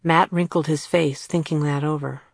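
A woman narrating an audiobook in a measured storytelling read. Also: deep voice, fairly even intonation, gravelly, husky, no echo, clean studio sound. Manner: measured storytelling read, puts on voices for characters.

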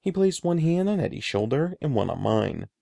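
A man narrating a children's story with expressive storytelling on a close mic. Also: mid-range voice, normal speed, gravelly, no echo. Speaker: audiobook narrator. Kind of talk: scripted narration.

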